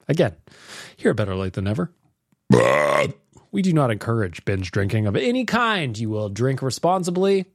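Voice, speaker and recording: Animated, jokey podcast host man. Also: on the high side, dry recording, clean studio sound. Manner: animated, jokey, swings from loud cheers to mock-serious. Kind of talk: casual podcast chat reacting to voicemails.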